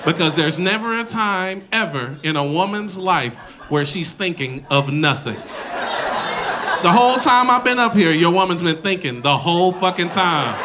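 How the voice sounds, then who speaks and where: A male comedian performing a loud, animated stand-up set on a club stage, slipping into mocking voices, with the audience laughing. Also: high voice, heavy background noise. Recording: live club recording, crowd laughter. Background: crowd laughter.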